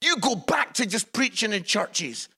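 A man's voice: high-pitched, sing-song, unhurried, pushed and bright, breathy edge, full character voice. A man voicing a blunt, dismissive minister who talks in curt, scornful lines.

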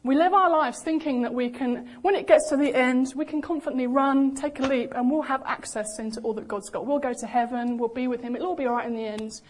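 A young woman preaching a sermon in a lively, animated way, acting out the voices she quotes. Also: high-pitched, fairly quick, hardly any pauses, a little hiss or hum. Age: young adult.

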